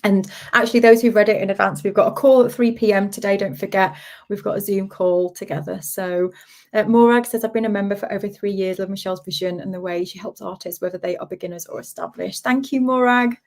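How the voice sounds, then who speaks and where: A woman's voice: mid-range voice, fairly even intonation, fast talker, darkish tone. Bubbly woman on a livestream, chatty, laughs a lot, reads out comments and says hi to everyone. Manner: bubbly, laughs often, greets viewers by name. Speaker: livestream host, art community founder. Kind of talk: casual live chat, reading viewer comments.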